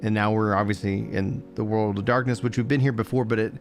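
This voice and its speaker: A man's voice: lowish voice, steady tone, brisk. A young adult man chatting casually on a livestream, rambling with fillers and restarts.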